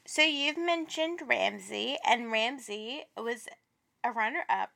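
A woman co-hosting a podcast in casual chat, profane and animated. Her voice sits high and sounds bright. She swings between loud outbursts and quieter asides. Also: takes it slowly, gravelly. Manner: profane, animated, laughing, dramatic. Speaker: podcast co-host.

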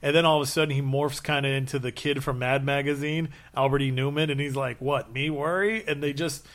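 A man's voice: mid-range voice, fast talker. A man in casual chat, telling long stories with many fillers and restarts and acting out quotes. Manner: rambling, animated storytelling with acted-out quotes.

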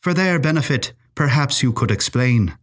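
A man's voice: mid-range voice, animated, moderate pace, close to an everyday voice. A man voicing a genial, wry male Irish professor with a sing-song Ulster accent. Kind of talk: storytelling acting.

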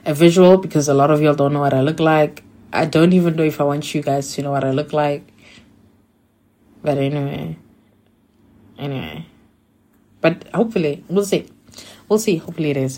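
Low-voiced young south african woman rambling on her podcast, lots of likes, gets excited. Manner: chatty, frequent "like" fillers, excitable bursts. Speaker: podcast host. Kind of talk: casual solo podcast monologue.

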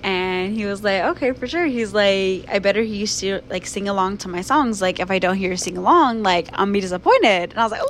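A woman's voice: mid-range voice, a little fast, few pauses, slight background noise. A young woman casually telling a personal story to her viewers, chatty and full of fillers. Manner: chatty, filler-heavy, animated retelling. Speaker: vlogger.

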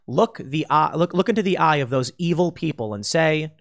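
Man, political commentary host, blunt, argumentative, casual monologue, slightly higher voice. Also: expressive, moderate pace, fairly bright tone.

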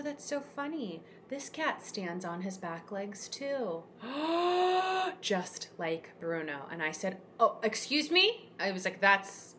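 A woman telling a personal story as a guest in a casual conversation, emotional and expressive with frequent fillers. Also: on the low side, slight background noise. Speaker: podcast guest, cat rescuer.

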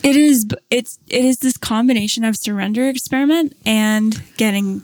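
Fairly high in pitch and at a moderate pace, with no echo, a woman relates a long anecdote in relaxed conversation. She brings it to life by acting out quotes, and fillers come up often.

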